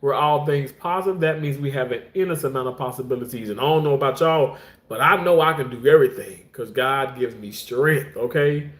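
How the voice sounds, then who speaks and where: A man's voice: brisk, a bit bright. Effusive middle-aged man in an echoey room. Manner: rambling and effusive, often jumping high in pitch to thank and greet viewers. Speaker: livestream host. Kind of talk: casual livestream chat reading viewer comments. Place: indoor room, talking while cooking. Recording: roomy echo.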